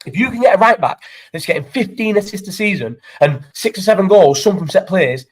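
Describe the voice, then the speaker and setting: A man's voice: high voice, expressive, a little fast, a little hiss or hum. A young man from Falmouth, England, hosting a casual live chat and ranting about football with plenty of swearing. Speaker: podcast host.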